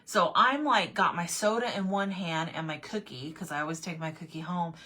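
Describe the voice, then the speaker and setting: A woman originally from Arizona telling a funny everyday story in a casual vlog, animated, repeating herself and laughing often. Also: on the low side, normal speed. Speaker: vlogger.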